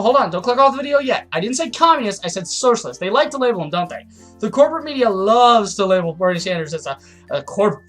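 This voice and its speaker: A man's voice: sits high, a bit bright. A man giving a heated, profane political rant as a vlogger, stumbling over restarts. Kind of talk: ranting political commentary.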